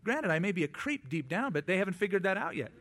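Conversational preacher with a fairly high voice. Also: male voice, sing-song, a bit bright. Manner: conversational preaching with quick asides and acted-out quotes. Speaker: pastor. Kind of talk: sermon.

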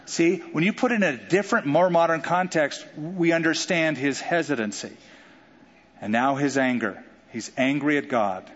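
A man preaching a sermon in an animated way, joking and acting out quotes. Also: fairly high pitch, normal speed. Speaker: pastor. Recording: dull sound with long hall reverb.

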